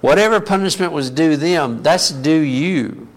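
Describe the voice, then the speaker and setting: Slow, gravelly-voiced male preacher. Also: a little high. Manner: conversational teaching, asks the audience questions. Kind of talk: sermon.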